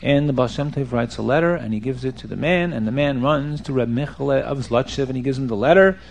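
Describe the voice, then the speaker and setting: A man telling a story to children, animated and checking that his young listeners are following along. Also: mid-range voice, quick pace, vocal fry, a little hiss or hum.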